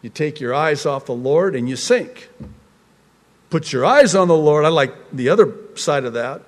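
High-voiced, unhurried preacher in a reverberant hall. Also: male voice. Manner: humorous asides, laughs mid-sentence; lively storytelling. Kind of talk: sermon on a psalm.

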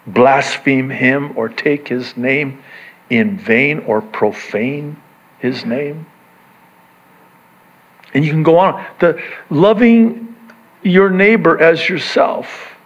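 A man preaching a sermon in an animated way, acting out the voices he quotes. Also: a little high, dull audio. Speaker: pastor.

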